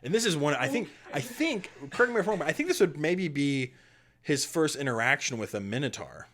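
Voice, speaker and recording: A man narrating as game master in a tabletop game, rambling and animated, with lots of fillers. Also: a little high, fairly quick.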